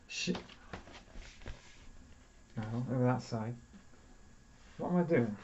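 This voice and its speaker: Brief: male vlogger, slow easygoing delivery, self-deprecating asides; slightly muffled audio with faint hiss. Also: medium pitch. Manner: chatty, self-deprecating, thinks aloud. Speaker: vinyl record reviewer. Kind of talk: casual unboxing chat.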